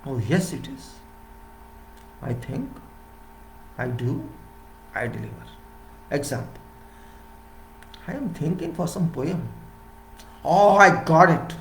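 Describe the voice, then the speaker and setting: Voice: medium pitch, big pitch swings, slow pace, pauses often, fairly bright tone, roomy sound, slight background noise. An engineering lecturer in a rambling, playful monologue who asks rhetorical questions and answers them.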